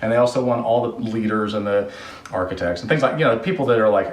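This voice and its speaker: While a water heater install is underway, this home repair host tells a meandering, joke-filled story and then walks through plumbing steps in an easygoing way. He speaks quickly in a lowish voice, recorded from a distance in an echoey room.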